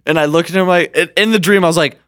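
A man in casual chat, telling a dream story in an animated way, laughing often and swearing, with lots of "like". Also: on the high side, very fast, smooth, no echo, clean studio sound.

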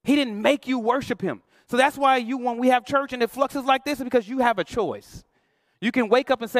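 Animated high-voiced preacher man, slangy. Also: fairly quick, no echo, studio quality. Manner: animated, playful, acts out quoted voices. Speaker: pastor. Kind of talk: sermon.

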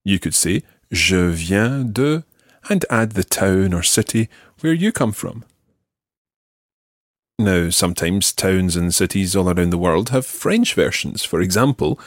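Guy teaching on a podcast, low husky voice, dry close mic. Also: animated, no echo. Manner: slow, careful modelling of phrases for learners. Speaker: language teacher. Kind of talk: podcast language lesson.

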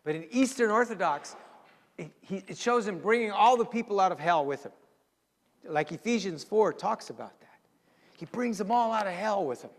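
High-voiced man preaching in a reverberant hall. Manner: storytelling, dramatic shifts to a hushed voice for emphasis. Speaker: pastor. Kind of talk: sermon. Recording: long reverb in a large hall.

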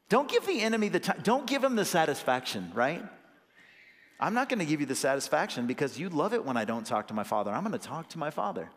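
A man's voice: high-pitched, very animated, brisk, a bit bright. Man preaching, chatty and earnest, punches up key lines, voice rings out in a big church hall. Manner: earnest, conversational preaching with rising emphatic bursts. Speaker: associate pastor. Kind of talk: sermon. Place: church sanctuary.

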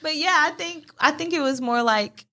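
Young woman podcast host, fairly high voice, playful and laughing. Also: normal speed, sharp tone. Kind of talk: casual chat.

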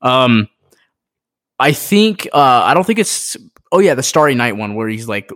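Excitable rambling male podcast co-host. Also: medium pitch, measured pace. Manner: excitable, rambling with many fillers. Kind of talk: casual chat.

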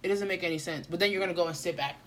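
A woman's voice: fairly low pitch, racing, fairly bright tone, a little hiss or hum. A young woman co-hosting a casual chat, ranting sarcastically in heavy slang.

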